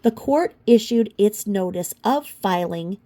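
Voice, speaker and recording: A woman's voice: medium pitch, animated, measured pace, warm tone. A woman commentator reading court filings aloud in a casual way, with sarcastic, mocking asides and sudden outbursts.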